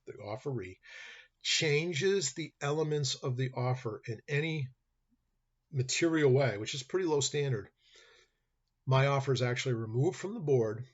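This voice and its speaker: The lecture comes through a computer webcam mic with a dull, lo-fi quality. In it, a man who teaches law speaks conversationally in a husky mid-pitched voice, voicing small exchanges between characters in his hypotheticals.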